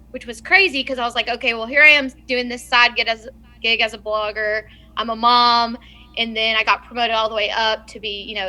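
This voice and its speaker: Southern woman, thirties, high bright voice, lively storyteller, podcast guest. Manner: chatty, laughs often, animated storytelling. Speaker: travel blogger guest. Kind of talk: casual podcast chat.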